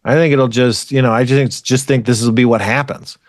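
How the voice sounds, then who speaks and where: A man's voice: medium pitch, fairly even intonation, a little fast, dry recording. Guy ranting on a podcast, swears a lot, rambles and restarts, dry close mic. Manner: rambling, profane, exasperated ranting. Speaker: podcast co-host. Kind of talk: casual podcast chat.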